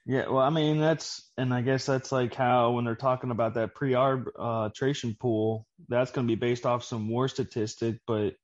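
A man's voice: mid-range voice, fairly even intonation, moderate pace, hardly any pauses, highs cut off. A young man co-hosting a casual podcast, teasing with dry jokes. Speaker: podcast co-host. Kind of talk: casual chat.

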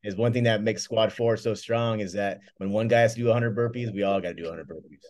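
A man's voice: lowish voice, fairly even intonation, fast, a little mellow, dry recording, studio quality. A man in a group call talking bluntly and swearing as the guest. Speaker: podcast guest.

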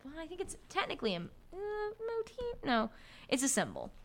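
Animated young woman with a lively voice. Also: extremely high pitch, normal speed. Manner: animated, many fillers and restarts. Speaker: podcast co-host. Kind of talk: casual book discussion.

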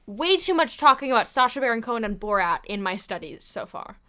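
A young woman co-hosting a casual podcast, her voice bright and edged with tension and sitting a little high. She talks animatedly and laughs often, jumping higher whenever she quotes someone. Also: brisk. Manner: animated, laughs often, rising pitch when quoting people. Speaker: podcast co-host. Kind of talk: casual chat.

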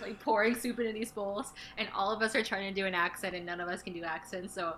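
A woman's voice: mid-range voice, fairly even intonation, fairly quick, background noise. A woman guest on a podcast, giggly and rambling as she tells stories about improv. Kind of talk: casual chat.

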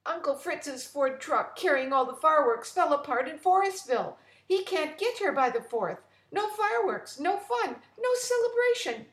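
A woman voicing a frantic, excitable young woman visitor in a children's story, yelling high and breathless. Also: normal speed, few pauses. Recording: roomy echo.

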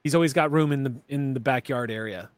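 A man's voice: medium pitch, fast talker, no room sound, lightly acted. Man voicing a blunt, bossy woman commander. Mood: commanding. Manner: curt orders, profane. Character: brusque, commanding woman leader.

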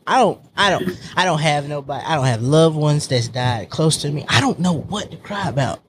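A man talking in a casual group conversation, animated and joking, laughing often as he opens up. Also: fairly high pitch, moderate pace, few pauses. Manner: animated, laughs often, jumps between jokes and confessions.

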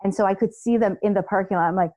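A woman in her thirties telling a personal story in casual chat, animated, acting out what people said. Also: medium pitch, fast talker, no room sound. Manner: animated storytelling, acts out quoted voices, laughs. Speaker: podcast co-host.

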